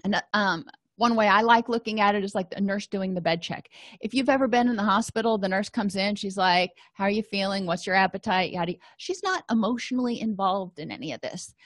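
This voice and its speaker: A woman's voice: medium pitch, lively intonation, fairly quick, a bit bright, no echo. A woman counselor giving an educational lecture, explaining in a conversational way with everyday examples and quoted self-talk. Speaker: counselor and trainer.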